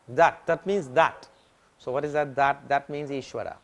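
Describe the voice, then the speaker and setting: Swami teaching patiently. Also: male voice, medium pitch, fairly even intonation, moderate pace. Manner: patient, repetitive teaching with simple analogies. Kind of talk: spiritual lecture.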